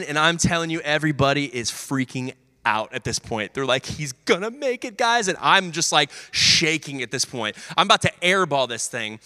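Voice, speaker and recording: A young pastor with a bright, forceful, somewhat high voice preaches a sermon built on energetic sports stories, acting out his teammates' and coach's voices. Long hall reverb surrounds him.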